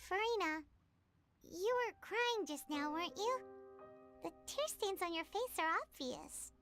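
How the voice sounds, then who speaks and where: Very high, bouncy little game sidekick, boastful and excitable; game score under her. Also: measured pace, faint music behind, heavily acted. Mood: teasing. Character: tiny chirpy female floating companion.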